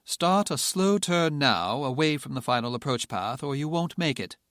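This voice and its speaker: A man's voice: a little high, animated, normal speed, a bit bright, no echo, studio quality, voice pushed up. A man voicing an agitated male air tower controller with a British accent, barking officious commands.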